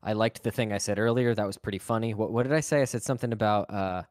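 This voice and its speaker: A man's voice: lowish voice, quick pace, darkish tone, no room sound, studio quality. A man, an actor, chatting as a guest on a stream, rambling and flustered. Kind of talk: casual chat.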